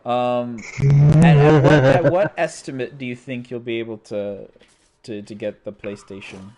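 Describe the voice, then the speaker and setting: A man's voice: mid-range voice, fairly even intonation, a little slow, dark tone, slight background noise. A man hosting a livestream, chatting casually and rambling with frequent restarts and laughs. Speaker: streamer host.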